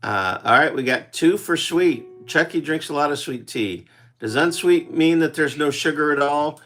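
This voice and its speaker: A man's voice: on the high side, moderate pace, a bit bright. A man, a singer-songwriter, hosting his own live stream and chatting casually with viewers, teasing them playfully while reading out their comments.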